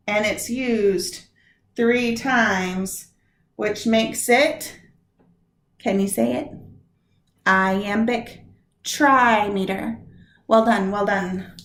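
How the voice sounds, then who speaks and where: A woman teacher walks her listeners through a poetry lesson at a slow, unhurried pace. She stretches out words to show where the stress lands. The room around her voice is echoey. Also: medium pitch, steady tone.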